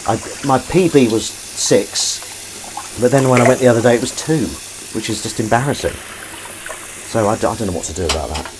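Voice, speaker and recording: A man with a mid-range voice talks fairly quickly over a noisy background, hosting a comedy livestream from his kitchen sink. He washes up while chatting casually and reading viewer comments in a rambling, self-mocking way. Dishes clink and water runs behind him.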